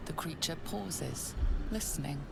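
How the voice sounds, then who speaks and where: A woman narrating a game in a hushed, ominous, half-whispered voice. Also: sits low, unhurried, gravelly, heavy background noise, exaggerated voice. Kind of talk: scripted narration. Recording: loud game ambience behind.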